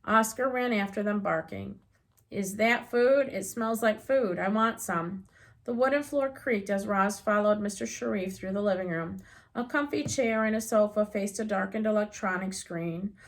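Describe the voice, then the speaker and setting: A woman reads a children's novel aloud in an unhurried, gently expressive way. Her voice sits at a middle pitch, neither high nor low. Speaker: audiobook reader.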